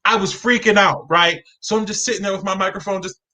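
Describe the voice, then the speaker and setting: Bright, lively young man telling stories. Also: high voice, fast talker, low-quality recording. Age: young adult. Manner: lively, acts out voices in his stories. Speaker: guest. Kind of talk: animated storytelling. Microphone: video call.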